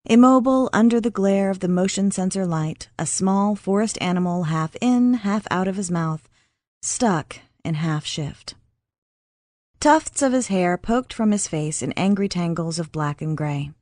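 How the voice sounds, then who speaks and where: This is a woman's scripted audiobook narration, read evenly and with measured pacing. She speaks at a medium pitch, and the studio-quality recording carries no echo.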